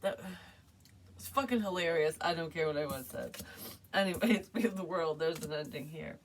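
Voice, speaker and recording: A woman's voice: low-pitched, lively intonation, fairly quick, recorded from a distance, slight background noise. A woman psychic medium talking casually through a reading, rambling and swearing with frequent laughs. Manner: rambling, profane, laughs often.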